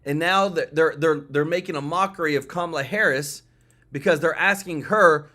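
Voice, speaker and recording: A man's voice: on the high side, normal speed, bright, forceful tone. Emphatic man hosting political commentary. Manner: emphatic, repetitive, addresses viewers and chat.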